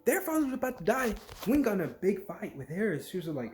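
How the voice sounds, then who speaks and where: Brief: animated casual vlogger who rambles and jumps between thoughts, voice swooping up and down. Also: medium pitch, a little hiss or hum. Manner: filler-heavy, lots of "like", jumps between thoughts; acts out quick quoted voices mid-story. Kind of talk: casual rambling rant to camera.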